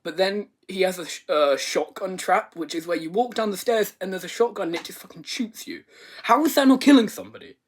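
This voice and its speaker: A man's voice: high voice, expressive, a little fast, slight background noise. A man giving a rambling, comedic movie review rant, swearing and exaggerating. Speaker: video reviewer.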